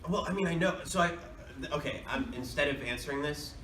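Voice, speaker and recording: A man's voice: fairly high pitch, a little fast, sharp tone. A man, a voice actor, answering fan questions at a convention panel in a rambling, chatty way with frequent laughs. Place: large convention hall. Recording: echoey hall, distant mic, noisy.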